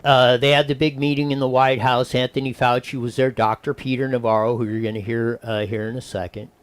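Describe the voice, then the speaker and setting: A man's voice: medium pitch, a little fast, clear, resonant tone, dry recording. A man hosting a talk radio show, giving opinionated commentary in a rambling way with many restarts and acted-out quotes. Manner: animated, wandering, with frequent restarts and acted-out quotes.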